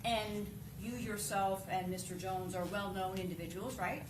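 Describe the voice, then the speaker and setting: A woman's voice: mid-range voice, steady tone, normal speed, slight background noise, low-quality recording. A woman defense attorney cross-examining a witness in a courtroom, pressing with pointed leading questions.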